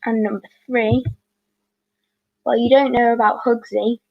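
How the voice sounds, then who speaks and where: A woman hosts a livestreamed quiz, reading questions in a fairly high voice and breaking off to correct herself. The sound is dry and a little dull, like a home mic. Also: little pitch movement, a little slow, vocal fry, no echo. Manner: chatty, apologetic asides, corrects herself. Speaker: quiz host.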